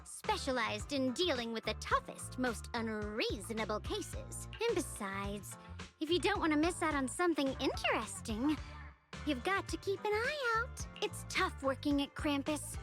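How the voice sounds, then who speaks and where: High, lively game enforcer, teasing, with music. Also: female voice, a little slow. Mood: breezy. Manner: chirpy, teasing. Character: breezy young woman enforcer, cheerful.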